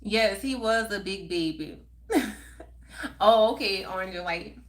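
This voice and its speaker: A middle-aged woman hosting a live stream, chatting casually and reading viewer comments aloud, laughing often. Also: medium pitch. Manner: chatty, laughs often, drawn-out unhurried delivery. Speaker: livestream host.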